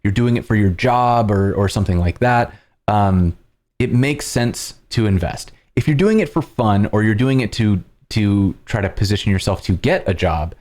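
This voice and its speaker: A man hosting a livestream, explaining casually in a loud projected presenter voice with plenty of fillers, close on a compressed studio mic at home. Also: lowish voice. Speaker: livestream host. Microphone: studio dynamic microphone with compression.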